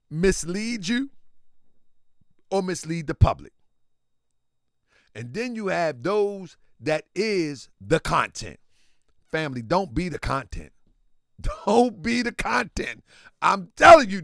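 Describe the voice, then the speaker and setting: A man hosts a casual livestream, speaking high and bright with a gravelly edge. He talks straight to his chat and repeats points for emphasis, swinging his pitch around. The sound is close and dry. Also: dry recording. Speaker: livestream host.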